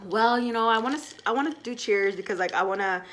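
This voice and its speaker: Young woman vlogger, chatty and animated, slightly high voice, speaking at home. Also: quick pace. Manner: chatty, animated, full of fillers. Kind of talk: casual storytelling to camera.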